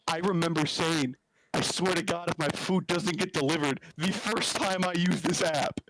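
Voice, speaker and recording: A man's voice: on the high side, steady tone, normal speed, fairly bright tone, slight background noise. A young man ranting in casual chat as a streamer, exasperated and laughing as he tells his story.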